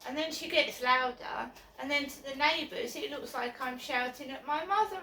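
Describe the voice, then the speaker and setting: A woman's voice: high voice, expressive, moderate pace, few pauses, sharp tone, distant mic. A woman filming a personal vlog on her phone, talking in an upset, insistent and repetitive way. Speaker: vlogger. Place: outdoors by her flats. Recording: echoey, off-mic with faint background noise.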